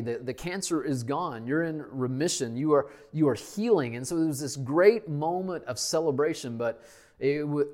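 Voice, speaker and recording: A male pastor preaching a sermon, emphatic, repeating key lines and dropping to a hush at the ends of phrases. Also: mid-range voice.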